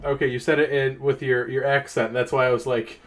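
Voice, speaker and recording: A man's voice: medium pitch, brisk. A man running a tabletop game as game master, explaining rules with lots of fillers. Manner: lively, explains rules at length with frequent fillers.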